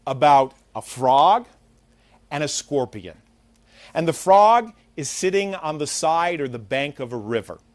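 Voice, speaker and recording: A man's voice: a little high, no room sound. A man hosting a talk show, giving an earnest, preachy motivational monologue and telling a fable.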